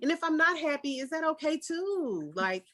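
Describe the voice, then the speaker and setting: A woman's voice: high voice, moderate pace, no echo. Woman artist hosting a podcast, candid and emphatic, recorded dry and close. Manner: candid, emphatic, swings into animated quoted outbursts. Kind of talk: casual conversation.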